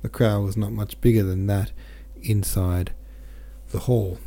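A male podcast host reads a classic novel aloud. His voice is low and mellow. His delivery is steady, with small self-corrections along the way. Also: unhurried. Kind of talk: audiobook narration.

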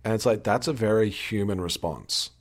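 A man's voice: lowish voice, moderate pace. A man co-hosting a podcast, chatting casually and swearing freely as he reacts to a show. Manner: animated, swears freely, acts out quotes. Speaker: podcast co-host. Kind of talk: casual recap chat.

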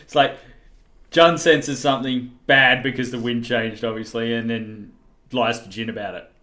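A man's voice: mid-range voice, fairly even intonation, moderate pace, pushed and bright. A man co-hosting a podcast, dropping dry, sweary quips in casual film chat. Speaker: podcast co-host.

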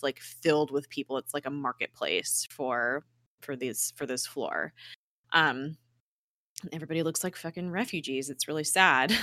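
Bright-voiced woman casually recapping a show. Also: low voice, no room sound, studio quality. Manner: chatty retelling, acts out dialogue, many "like" fillers. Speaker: podcast host recapping a TV episode. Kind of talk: casual chat.

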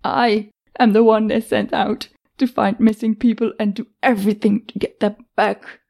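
A woman voicing a brave, guarded young woman who rescues people, sarcastic and quick with retorts. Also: mid-range voice, a little mellow, close to an everyday voice. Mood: indignant.

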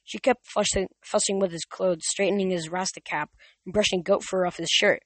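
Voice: medium pitch, fairly even intonation, moderate pace, no echo. Brief: amateur audiobook reader, plain mid voice, stumbles and restarts, dry close mic. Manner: plain reading with slips and restarts.

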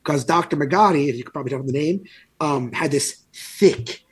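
Husky-voiced man telling animated stories. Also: on the high side, brisk. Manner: animated storyteller, laughs often. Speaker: podcast co-host. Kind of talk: casual chat.

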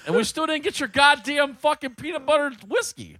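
A man's voice: very high voice, a little fast, a little hiss or hum. A middle-aged man hosting a casual podcast chat, telling a story with lots of swearing and acting out both sides of the conversation. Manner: profane, animated storyteller who acts out both sides of dialogue.

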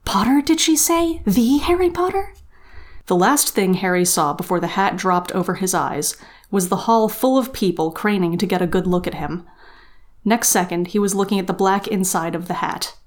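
A woman co-hosting a podcast, reading a novel passage aloud and summarizing the chapter in a steady, expressive way. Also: fairly low pitch, normal speed. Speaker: podcast co-host.

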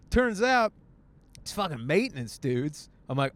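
A man's voice: fairly high pitch, sing-song, measured pace. A young man hosting a casual podcast alone, telling a crude story with many jokes and laughs while driving. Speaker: podcast host. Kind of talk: casual solo rant. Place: in a car, driving.

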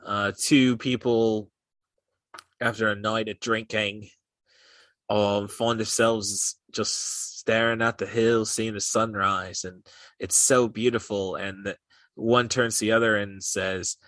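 A man's voice: lowish voice, little pitch movement, takes it slowly, fairly bright tone, no echo. A young man co-hosting a podcast, rambling in casual chat with lots of "like" and "uh" fillers. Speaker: podcast co-host.

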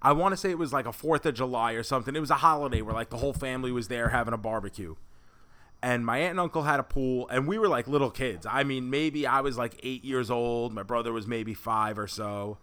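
A man co-hosts a casual podcast and tells his stories in a laid-back, wry way. His voice has a bright, forward edge at an ordinary middle pitch. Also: quick pace. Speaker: podcast co-host. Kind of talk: casual chat.

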